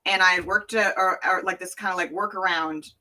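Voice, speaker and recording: A woman's voice: fairly low pitch, fairly even intonation, pushed and bright, recorded from a distance. Laughing Tennessee woman telling a wild story. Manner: laughing, swearing, quick anecdote with voiced quotes. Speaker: guest entertainer. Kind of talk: animated storytelling in casual chat.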